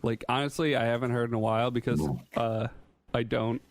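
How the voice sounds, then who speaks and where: A man's voice: medium pitch, little pitch movement, fairly quick, no echo. Brief: man from Wisconsin, mid-range voice, dry close mic, wry sarcastic co-host. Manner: dry sarcastic asides, swearing. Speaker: podcast co-host. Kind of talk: casual podcast chat.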